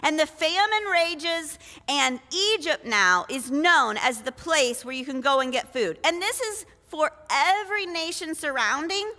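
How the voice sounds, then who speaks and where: Lady preacher, high bright voice, slow easy delivery, chatty storytelling w lots of questions to the crowd. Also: animated, in a large hall. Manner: storytelling with frequent rhetorical questions. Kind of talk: conversational sermon. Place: church.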